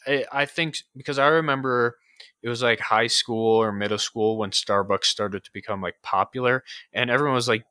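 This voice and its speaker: A man's voice: mid-range voice, a little fast, sharp tone, no room sound, clean studio sound. A young man with an upstate New York accent, chatting casually on a podcast, swearing often and filling with "like". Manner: casual, swears a lot, many fillers. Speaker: podcast co-host. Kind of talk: casual chat.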